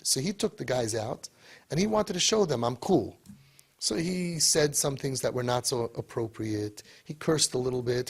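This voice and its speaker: A man giving an animated motivational talk to parents, full of rhetorical questions. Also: mid-range voice, gravelly, husky. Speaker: speaker to parents.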